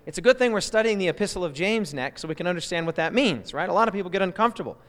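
A man teaching a Bible lesson to a live church group in a lively way, often quizzing his listeners. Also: sits high, racing, few pauses, in a large hall.

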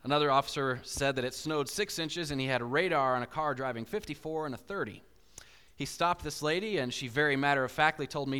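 Preacher guy, kinda high voice, big animated storytelling, long hall echo behind him. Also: brisk, smooth. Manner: animated, acts out inner voices with big swings. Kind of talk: sermon with storytelling. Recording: hall reverb.

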